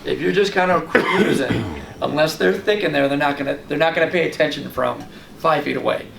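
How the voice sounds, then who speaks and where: Brief: gravelly, fairly high-voiced male fishing host telling animated stories, recorded roomy and far off. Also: brisk. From Long Island, New York. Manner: animated storyteller, acts out his own past reactions. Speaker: fishing guide and show host. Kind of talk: casual fishing tips talk. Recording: roomy, distant mic with light background noise.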